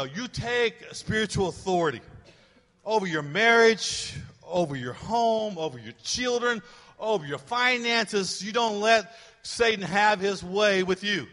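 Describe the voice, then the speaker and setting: A man's voice: sits high, normal speed, bright, forceful tone, big-room sound. A man preaching a sermon as pastor, emphatic and urgent, repeating his points as he builds to rising exhortations.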